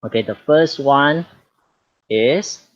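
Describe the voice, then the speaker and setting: Malaysian man teaching English online, slow and patient, repeats key words, dull lo-fi sound. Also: mid-range voice. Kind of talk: online classroom lesson. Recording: dull lo-fi audio.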